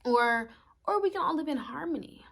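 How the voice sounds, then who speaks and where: A woman's voice: on the high side, lively intonation, measured pace. A young woman astrologer talking casually in a vlog, rambling through rhetorical questions and swearing now and then.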